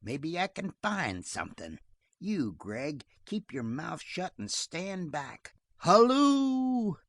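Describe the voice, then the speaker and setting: A man voicing a shrill, eager frontier sheriff who shouts his challenges across the mountains. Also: very animated, slow, creaky, husky, no echo, heavily acted. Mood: shouting challenge. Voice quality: shrill, carrying calls. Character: shrill-voiced methodical sheriff, eager and hungry.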